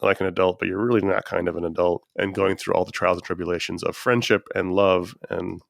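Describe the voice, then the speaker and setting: A man's voice: low voice, steady tone, a little fast, gravelly, no echo, studio quality. A sick man hosting a podcast, talking in casual, enthusiastic and rambling chat. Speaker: podcast host.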